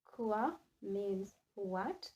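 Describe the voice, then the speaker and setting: A woman teaching French in a classroom, slowly repeating each word again and again and switching between English and French. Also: mid-range voice, lively intonation, a little mellow, highs cut off. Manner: slow, repeats words many times, mixes English and French. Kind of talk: classroom lesson.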